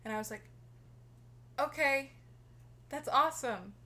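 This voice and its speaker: A young woman casually telling a friend a story, animated, swearing freely and laughing as she talks. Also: high voice, measured pace. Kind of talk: casual chat.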